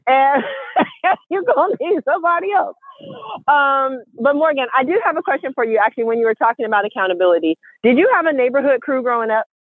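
Chatty lady host, laughs a lot, kinda high voice, dry tinny phone call. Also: a little fast, dry recording. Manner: lively, chatty, laughs often. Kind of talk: casual chat on a group call. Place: outdoors walking.

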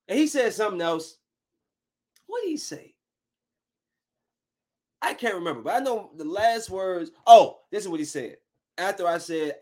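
A man's voice: sits high, measured pace, long pauses. A man telling his viewers a story in a casual, heated rant full of swearing. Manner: profane, heated, animated retelling. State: angry while recounting.

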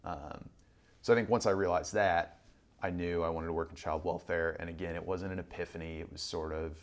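A man in his thirties telling stories in a relaxed interview, rambling, with frequent ums and restarts. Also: deep voice, fairly quick. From Southern Illinois. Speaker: guest. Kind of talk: conversational podcast interview.

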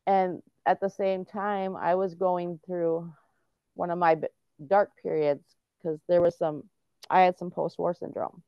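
A middle-aged woman talks earnestly, explaining step by step with many restarts. Her voice sits low, and the recording is muffled and lo-fi. The sound is dry, with no room echo. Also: little pitch movement, a little slow. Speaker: guest, autism and veterans advocate. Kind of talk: casual interview talk.

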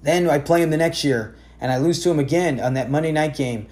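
A man in his forties hosting a casual fantasy football talk show, telling stories in an animated way with lots of self-corrections. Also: on the high side, fairly quick. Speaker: podcast host.

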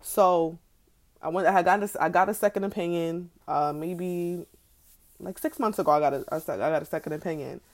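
A woman's voice: lowish voice, moderate pace. A young woman, ranting candidly and with plenty of profanity about her own experiences in a casual vlog. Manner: candid, profane, exasperated storytelling with slangy asides. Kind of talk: casual personal vlog rant.

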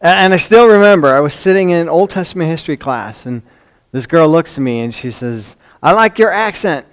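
A man with a Chicago accent preaching a sermon, swinging from loud emphasis to hushed lines, with conversational asides and rhetorical questions. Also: a little high, a little fast, clean tone. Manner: dramatic swings between loud emphasis and hushed near-whispers. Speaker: pastor.

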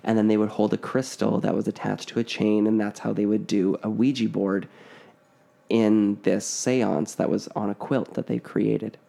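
A man casually retelling a spooky story, with a relaxed, rambling manner full of "like" and "uh". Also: fairly low pitch, normal speed, vocal fry. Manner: relaxed, filler-heavy, frequent "like".

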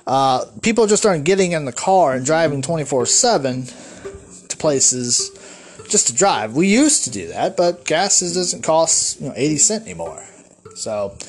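Rambling, swearing man with lively pitch. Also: moderate pace. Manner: rambling, profane ranting with repeated restarts. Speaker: podcast host. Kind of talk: solo podcast monologue.

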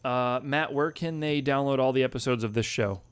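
Male podcast co-host, casual gaming chat, jokey and a bit crude, mid-range pitch. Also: fairly quick, clear, resonant tone. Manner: loose, joking, swears casually.

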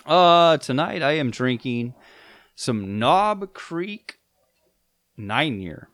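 A man's voice: on the high side, lively intonation, drawn-out words, fairly bright tone. Laid-back man in casual chat. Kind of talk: casual chat among friends.

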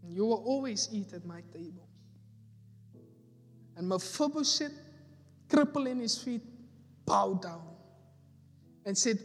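A man's voice: sits high, animated, a little slow, pauses often. A man preaching a sermon, repeating his key phrases with rising emphasis. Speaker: pastor. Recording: echoey hall with faint music.

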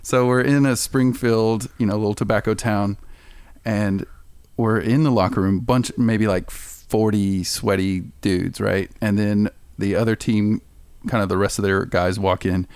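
Laughing man telling a lively story. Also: on the low side, unhurried, clean tone, no room sound. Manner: animated, laughing, acts out quoted voices. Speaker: guest. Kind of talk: casual storytelling chat.

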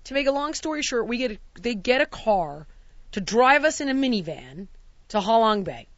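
A woman's voice: moderate pace, dry recording, dull audio. A woman hosting a casual talk show, telling a travel mishap story and acting out every quote with big swings of voice. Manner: animated, acts out quotes with big pitch jumps and shouts. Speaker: podcast host.

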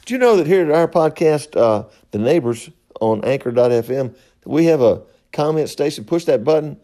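A man's voice: a little high, lively intonation, normal speed, dark tone. A middle-aged man, hosting a podcast in a rambling, folksy monologue and laughing at his own stories. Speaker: podcast host.

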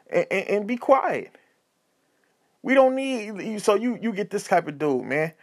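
Animated high-voiced man giving advice. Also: a little slow. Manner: animated, repetitive, preachy, slangy. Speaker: podcast host. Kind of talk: casual comedic advice talk.

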